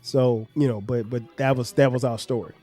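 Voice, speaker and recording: A man's voice: mid-range voice, fairly even intonation, moderate pace, warm tone, soft background music. Earnest middle-aged man, fatherly talk. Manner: earnest, storytelling with acted examples, many restarts. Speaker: podcast host and father. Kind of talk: reflective family conversation.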